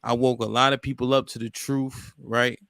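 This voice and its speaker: A man's voice: mid-range voice, flat delivery, normal speed, gravelly, fairly bright tone, no echo, studio quality. A man hosting a casual group podcast discussion, blunt and swearing freely. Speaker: podcast host.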